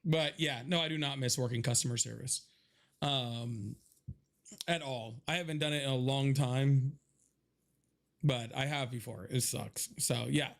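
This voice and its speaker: A man's voice: mid-range voice, a little slow, creaky, fairly bright tone. A young man hosting a casual livestream from his home office, chatting with viewers, thanking them by name and swearing freely. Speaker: livestream host.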